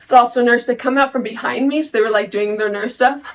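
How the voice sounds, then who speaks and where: Young woman vlogger rambling through a story, kinda high voice, says like a lot, jokes at herself. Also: fast talker, poor audio. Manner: chatty, frequent "like" fillers, candid and self-mocking. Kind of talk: casual storytelling.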